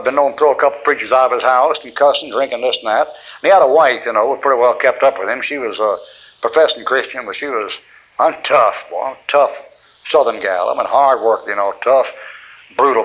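A man's voice: medium pitch, brisk, a bit bright, highs cut off. A man preaching in a folksy, rambling way, teaching through anecdotes and chuckling often.

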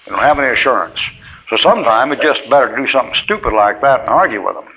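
A man's voice: medium pitch, lively intonation, quick pace, vocal fry, bright, forceful tone. A middle-aged male preacher, telling church stories in a folksy, plainspoken way with frequent chuckles. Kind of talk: folksy sermon storytelling. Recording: dull lo-fi tape with faint hiss.

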